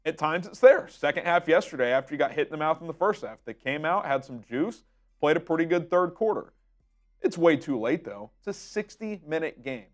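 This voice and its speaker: A man on a sports rant, his fairly high voice swinging up and down as he presses each point. He is frustrated and emphatic, tripping over repeated words, and his voice is getting worn out. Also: animated, brisk. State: losing his voice. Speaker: sports show host. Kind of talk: ranting sports commentary.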